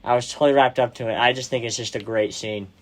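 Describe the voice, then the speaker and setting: A young man hosting a podcast, retelling movie scenes casually and excitedly, with slang and lots of "like". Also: medium pitch, quick pace. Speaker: podcast host. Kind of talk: casual chat about a movie.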